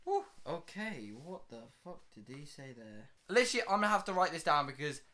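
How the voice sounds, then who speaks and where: Excitable young man, bright voice. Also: on the high side, a little fast, soft background music. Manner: excitable, swears a lot, laughs at himself. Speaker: YouTuber. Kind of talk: casual vlog commentary.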